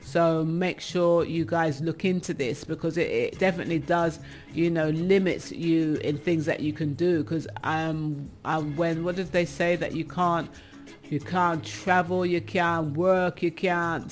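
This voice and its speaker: A woman's voice: sits low, fairly even intonation, unhurried, soft background music. A woman with an English accent hosting a radio show, reading out items and chatting about them, often laughing. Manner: chatty, laughs often, comments on what she reads. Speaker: radio host. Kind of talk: casual radio chat, reading out news items.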